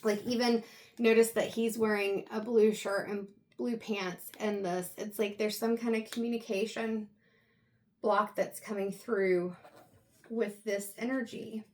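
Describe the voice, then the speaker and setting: A woman giving an intuitive tarot reading, talking softly and reflectively with pauses, at times close to tears. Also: mid-range voice, steady tone. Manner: soft, reflective, halting with pauses. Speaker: tarot reader.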